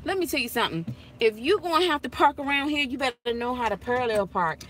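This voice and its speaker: A woman vlogging from inside her car, telling stories to her viewers in a chatty, animated way and laughing often. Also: sits high, quick pace, slight background noise. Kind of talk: casual chat while driving.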